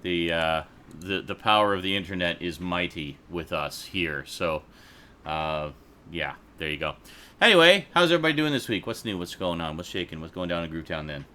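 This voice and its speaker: A man's voice: low-pitched, animated, normal speed, sharp tone, a little hiss or hum. A man hosting a casual home livestream chat into a desk microphone, rambling, laughing often and swearing casually. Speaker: livestream host. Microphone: desk USB microphone.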